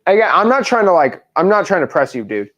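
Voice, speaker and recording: A young man with a slightly higher voice coaches someone through a script. He is insistent and repeats each phrase slowly so it gets copied down. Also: big pitch swings, a bit bright, highs cut off. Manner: pushy, repeats lines slowly word by word for the caller. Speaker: wholesaling coach. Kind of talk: live coaching call.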